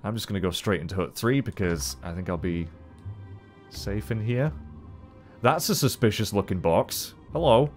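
A man with a low voice hosts a let's play with chatty commentary. His pitch jumps around a lot as he reacts and swears casually, with faint music behind him. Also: expressive, normal speed.

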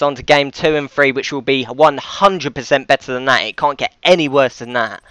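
A man giving live commentary over his own football video game match, frustrated, swearing often and yelling at his players. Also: mid-range voice, clean tone, dry recording, lo-fi sound. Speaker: gaming commentator.

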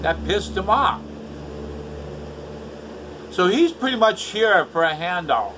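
This vlogger, an older man at home indoors, delivers a bitter, profane rant to camera and keeps repeating himself. His high voice is sing-song and slow, over background noise.

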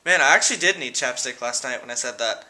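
A teenage guy rambling through shout-outs in a casual vlog at home, giggling and hesitant. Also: mid-range voice, animated, fast. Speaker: vlogger. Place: room at home.

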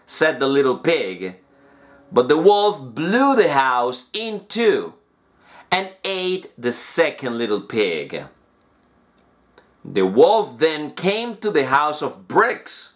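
A man's voice: mid-range voice, slow pace. A man who speaks natively, reading a children's story aloud in English as an English teacher. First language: Spanish. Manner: lively, animated storytelling.

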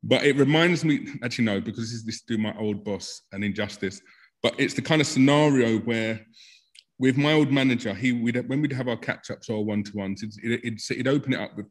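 A man's voice: medium pitch, a little fast. A man from giving an informal evangelism training talk, chatty and self-deprecating. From South London.

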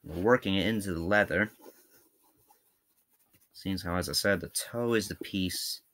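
This Scottish how-to host speaks at a measured pace, his low, bright voice carrying a pushy, forceful quality. He chats informally through a practical tutorial, musing out loud while he works.

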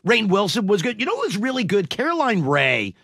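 A man's voice: high voice, wildly swooping pitch, a little fast, creaky, fairly bright tone, husky, no room sound, studio quality. A man hosting a morning radio show, chatting with a guest and gushing with praise. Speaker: radio host. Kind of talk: casual radio interview.

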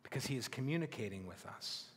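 A male pastor preaching a sermon in an emphatic, deliberate way, with his phrases often sinking to a hushed close. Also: medium pitch, lively intonation, husky, long reverb tail. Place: church sanctuary.

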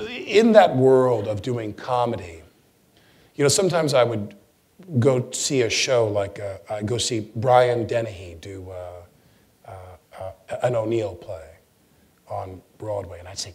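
A man, a guest actor, chatting with an audience in a lecture forum, telling animated stories and often restarting his sentences. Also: on the low side, moderate pace. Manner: animated storyteller with stammered restarts. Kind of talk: anecdotal chat with an audience.

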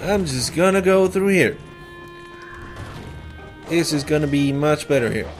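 A man's voice: fairly high pitch, lively intonation, measured pace, faint music behind. A man hosting a gameplay video, commenting sarcastically with jokey exclamations and laughs. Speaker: let's play host.

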